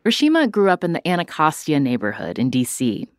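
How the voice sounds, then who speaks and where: A woman hosting a podcast, narrating between clips and asking measured, curious questions. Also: low voice, wildly swooping pitch, no room sound, clean studio sound. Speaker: podcast host, interviewer. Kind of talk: interview and scripted narration.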